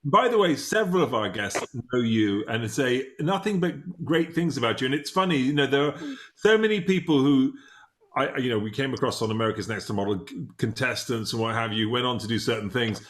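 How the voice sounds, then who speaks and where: A man in his fifties from Britain hosts a casual podcast interview. He talks in a chatty, meandering way at a middle pitch. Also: lively intonation, fairly quick, a bit bright, slight background noise. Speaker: podcast host.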